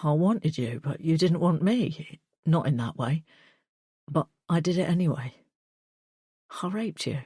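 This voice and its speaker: A woman reading the part of a remorseful, desperate dying man in an audiobook thriller, speaking in a hushed, earnest plea. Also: on the high side, expressive, unhurried, pauses often, breathy edge, dry recording, studio quality. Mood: pleading. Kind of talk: audiobook dialogue.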